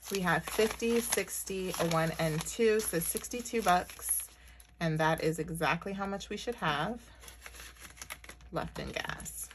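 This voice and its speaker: A woman's voice: lowish voice, measured pace, background noise. Chatty woman counting cash aloud. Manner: chatty, talks to viewers as y'all, counts money aloud. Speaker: budgeting vlogger. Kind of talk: casual chat while counting cash. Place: her bedroom upstairs at home.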